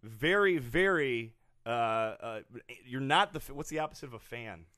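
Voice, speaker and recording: A man's voice: mid-range voice, animated, normal speed, pushed and bright, smooth, no echo, clean studio sound. A man hosting a comedy sports podcast, leading the chat and laughing often. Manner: laughing, leads the conversation. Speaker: podcast host. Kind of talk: comedic banter.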